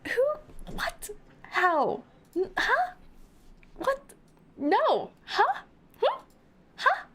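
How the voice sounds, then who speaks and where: Giggly high-pitched woman streamer. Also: huge pitch swings, very slow, fairly bright tone. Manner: giggly and exaggerated, squealing in mock despair. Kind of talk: playthrough commentary reading game text aloud.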